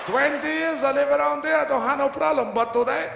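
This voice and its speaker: A man voicing a hot-tempered middle-aged Puerto Rican store owner who shouts in Spanish-accented broken English. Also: very high-pitched, a little fast, creaky, heavy background noise, voice pushed up. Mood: exasperated. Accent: Spanish-accented English, put on. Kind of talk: stand-up comedy impression. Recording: echoey club hall with loud crowd.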